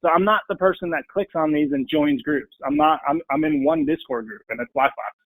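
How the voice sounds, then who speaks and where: A man's voice: a little high, brisk, no room sound, narrow, tinny audio. A man in a casual interview, talking bluntly and with passion about his own trading. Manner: blunt, passionate, mimics people in quotes. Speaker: podcast guest, full-time trader.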